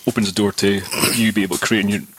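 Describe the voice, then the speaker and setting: A man's voice: fairly low pitch, fairly even intonation, fast, a bit bright, slight background noise. A man co-hosting a casual gaming chat, rambling and filling his talk with "like". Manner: rambling, lots of "like".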